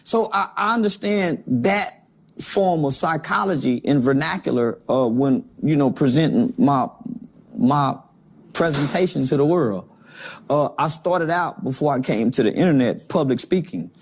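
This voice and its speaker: A man's voice: a little high, animated, unhurried. A man in his forties giving a candid interview, emphatic and often repeating words as he starts a thought. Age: 40s. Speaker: guest.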